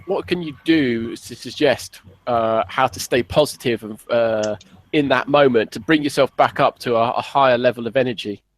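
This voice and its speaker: A man's voice: mid-range voice, moderate pace. Tired man asking a question. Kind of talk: casual chat.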